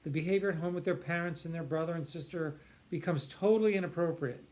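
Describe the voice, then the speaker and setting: A man's voice: fairly high pitch, fast talker, a little mellow. A man, a psychiatrist, explaining earnestly and emphatically, stretching key words and often restarting his sentences. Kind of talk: explanatory talk to camera.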